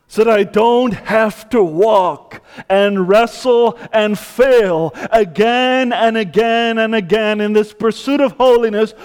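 A man preaching a sermon with passion, dropping to a hush and then rising to loud cries. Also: high-pitched, smooth, in a large hall. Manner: impassioned, swings from hushed to loud cries. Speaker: pastor.

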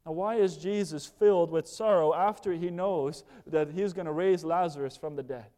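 An earnest man preaching from the pulpit, his fairly high voice carrying a mellow, dark tone. He drops to near-hushed passages, then rises with urgency. His words ring out into the long reverb of a large church hall. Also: moderate pace. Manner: earnest, moving between hushed and raised passages. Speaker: pastor. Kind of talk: sermon.

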